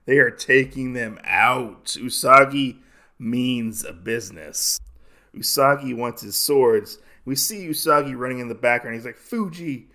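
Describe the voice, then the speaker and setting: A man's voice: medium pitch, measured pace, sharp tone. A young adult man hosting a podcast, casually recapping a comic with lots of fillers. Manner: rambling, many fillers. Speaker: podcast host.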